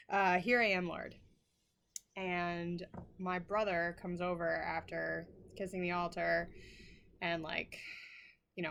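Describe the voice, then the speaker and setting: Middle-aged woman vlogger, lowish voice, rambling, apologetic, laughs often, emotional. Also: a bit bright. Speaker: flosstube host. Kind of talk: casual chat to camera.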